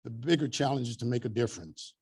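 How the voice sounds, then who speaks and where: A man over seventy giving an earnest, measured speech as an honoree at an awards event. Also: medium pitch, lively intonation, a little mellow, breathy edge. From Des Moines, Iowa.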